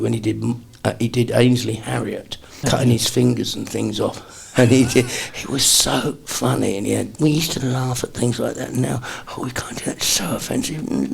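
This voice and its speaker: Gravelly, husky older man. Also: medium pitch. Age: 60s. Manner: animated storyteller, slips into quick impressions. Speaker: comedian guest. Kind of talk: chatty interview anecdotes.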